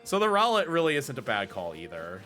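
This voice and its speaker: Chatty male streamer, lively bright voice. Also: mid-range voice, brisk, faint music behind. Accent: American, Pacific Northwest. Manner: chatty, explains at length with fillers and self-corrections. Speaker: speedrunner streamer. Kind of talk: casual live-stream commentary while gaming.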